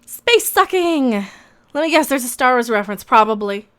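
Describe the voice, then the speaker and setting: A woman's voice: on the high side, quick pace, a bit bright, clean tone. A woman hosting a live reaction stream, giving sarcastic, ranting commentary and swearing often. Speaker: reaction video host.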